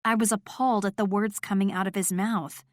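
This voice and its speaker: A woman's voice: medium pitch, fairly even intonation, a little fast, no room sound, studio quality. Woman narrating a romance audiobook. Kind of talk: first-person romance narration.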